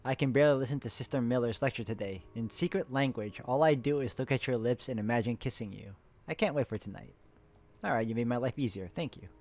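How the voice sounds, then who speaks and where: A man's voice: medium pitch, fast talker, darkish tone. A man hosting a co-op puzzle game playthrough, casually reading in-game letters aloud and chatting with a friend between them. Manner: reads letters plainly, breaks off to chat and laugh. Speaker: host, playing a co-op puzzle game.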